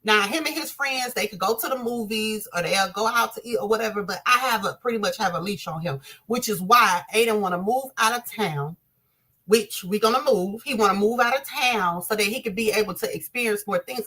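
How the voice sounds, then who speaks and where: A woman's voice: medium pitch, a little fast, sharp tone, slightly rough. A woman, speaking passionately to her viewers and calling them y'all. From Southern US. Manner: impassioned, addresses viewers as y'all. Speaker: commentator. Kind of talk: emotional commentary to viewers.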